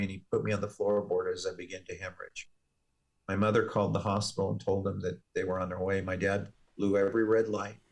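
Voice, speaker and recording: Guy giving his testimony in an interview, fairly low voice, earnest and measured. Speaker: interview guest; firefighter and paramedic.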